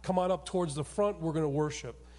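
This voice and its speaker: Guy pastor preaching, high voice, lots of hall echo, storytelling and goes quiet sometimes. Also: fast. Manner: storytelling, emphatic with sudden soft drops. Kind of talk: sermon. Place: church sanctuary. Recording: long hall reverb.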